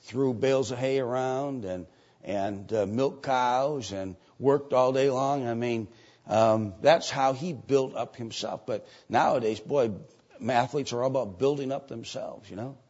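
An older man preaching a sermon and reading scripture aloud. He moves between loud, emphatic preaching and quiet asides. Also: medium pitch, a little slow. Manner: reads scripture aloud in old-fashioned wording. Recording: dull lo-fi sermon recording.

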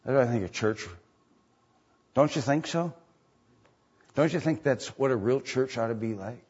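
A man's voice: medium pitch, normal speed, darkish tone, breathy edge. A man preaching as a pastor, repeating lines and asking the congregation rhetorical questions, on a dull lo-fi recording. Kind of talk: sermon.

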